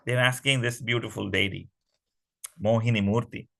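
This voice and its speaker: A man telling a myth to a children's class, animated and often asking the kids questions. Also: medium pitch, a little slow, rough recording. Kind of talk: storytelling to children.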